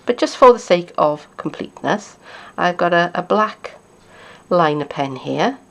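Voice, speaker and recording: A woman demonstrating card-making, chatting and thinking aloud as she works, sometimes dropping to a quiet mutter. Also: on the low side, animated, unhurried, vocal fry. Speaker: craft demonstrator.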